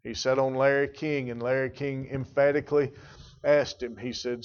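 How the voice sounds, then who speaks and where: A man's voice: medium pitch, level tone, clear, resonant tone, lo-fi sound. A man preaching a sermon, stressing words and calling on members of the congregation by name. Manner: emphatic preaching with rising volume and drawn-out stresses. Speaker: pastor.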